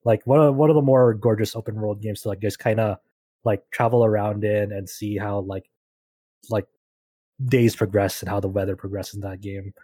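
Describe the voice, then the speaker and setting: A man with a low, mellow voice chatting on a podcast. He talks haltingly, repeating words and leaning on fillers as he thinks aloud. The sound is dry and close. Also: steady tone, no echo. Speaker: podcast co-host. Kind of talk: casual podcast chat.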